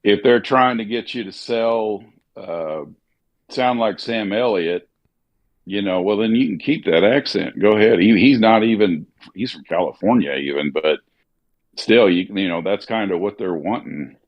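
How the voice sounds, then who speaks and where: A man from Missouri with a slightly Southern accent, an actor and voiceover artist chatting casually, relaxed and musing with lots of fillers. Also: on the low side, measured pace, highs cut off. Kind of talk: casual chat during a gaming stream.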